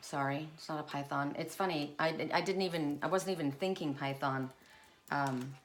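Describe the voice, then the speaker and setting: A woman's voice: sits low, moderate pace, background noise. A woman giving a spiritual oracle card reading, musing aloud with coughs and asides, choked up at times.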